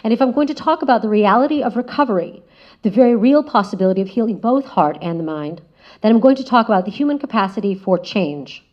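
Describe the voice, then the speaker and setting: Measured, reflective woman speaker. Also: mid-range voice. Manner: measured, reflective, often trailing softer. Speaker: guest speaker. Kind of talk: prepared spoken essay. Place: lecture room. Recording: slightly dull lo-fi audio.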